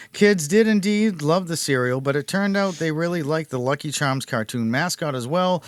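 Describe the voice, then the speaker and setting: A man's voice: on the high side, dry recording. A man hosting a casual podcast, reading notes aloud and laughing at his own jokes. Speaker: podcast host.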